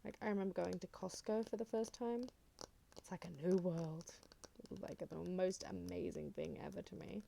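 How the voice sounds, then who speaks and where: Gravelly soft-spoken Australian woman. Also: on the low side, steady tone, moderate pace, slight background noise. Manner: rambling, chatty, drifting in and out of whisper. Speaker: ASMR creator. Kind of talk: soft-spoken ASMR chat.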